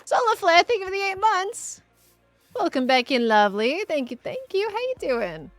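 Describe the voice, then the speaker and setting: A woman's voice: very high-pitched, big pitch swings, normal speed, soft background music. A woman with an Australian accent, chatting casually on a live stream as she builds and answers viewers. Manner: chatty, reads out chat messages and reacts to viewers.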